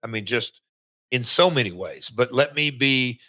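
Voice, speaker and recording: A middle-aged man with a Southern accent, hosting a podcast and reminiscing in casual chat, often pausing with fillers and restarts. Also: mid-range voice, sharp tone. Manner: halting, lots of fillers and restarts. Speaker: podcast host, former wrestler.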